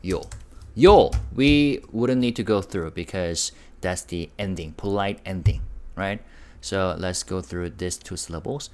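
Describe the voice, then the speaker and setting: A man's voice: deep voice, takes it slowly, a little mellow. A man teaching a live online Korean lesson, upbeat and patient, spelling out syllables and answering chat questions.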